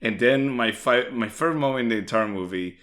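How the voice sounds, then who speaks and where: A man's voice: mid-range voice, fast talker, a bit bright. A man co-hosting a podcast, chatting enthusiastically and casually, swearing and using lots of filler words. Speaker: podcast co-host. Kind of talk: casual anime discussion.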